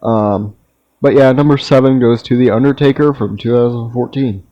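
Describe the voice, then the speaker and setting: A young man talks through his collection in a laid-back, wandering way, often stopping to say um and restart his thought. His voice is warm and mellow. The sound is dry and close, though the recording is a bit dull and lo-fi. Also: medium pitch, moderate pace, dry recording. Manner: relaxed, meandering, with frequent ums and restarts. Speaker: toy collector vlogger. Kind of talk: casual ranking review.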